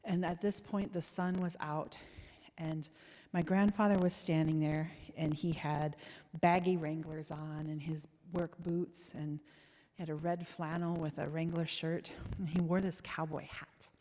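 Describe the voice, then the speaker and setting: Low-voiced woman telling a story in a church. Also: little pitch movement, unhurried. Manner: warm reminiscing storyteller, frequent soft laughs. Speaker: guest speaker. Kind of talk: storytelling sermon. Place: church sanctuary. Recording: church hall with long reverb.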